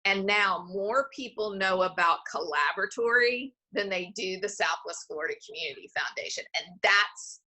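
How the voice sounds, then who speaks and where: A woman's voice: medium pitch, moderate pace, few pauses, bright, forceful tone. A woman who heads a community foundation, speaking as a guest in a conversational interview. She explains things at length and often checks in with the listener by asking "right?". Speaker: foundation president and CEO, podcast guest.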